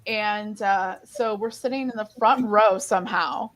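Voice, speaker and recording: A woman co-hosting a casual online comic book hangout, telling stories in an animated way with many restarts. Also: medium pitch, a little slow. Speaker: co-host. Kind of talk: casual chat.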